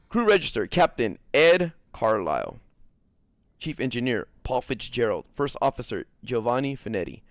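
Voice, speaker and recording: A man's voice: mid-range voice, creaky, no echo. A young man giving casual let's-play commentary as a gaming streamer, joking, swearing and chatting with his viewers.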